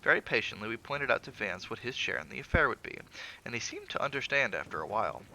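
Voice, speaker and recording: A man giving a measured, theatrical reading of a classic horror story aloud, with occasional stumbles. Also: mid-range voice, big pitch swings, sharp tone, a little hiss or hum, low-quality recording.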